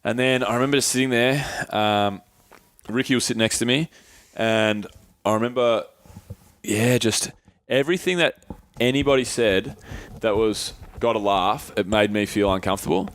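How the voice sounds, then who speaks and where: A man's voice: on the low side, normal speed, fairly bright tone, no echo. A young man co-hosting a podcast, telling a personal story in casual chat, swearing freely and acting out his friends' voices. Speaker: podcast co-host.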